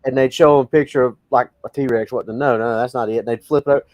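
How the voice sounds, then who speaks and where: A man co-hosting a paranormal podcast, making his case in an animated, argumentative way. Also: mid-range voice, fast, no room sound, studio quality. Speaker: podcast co-host. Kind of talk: casual group chat.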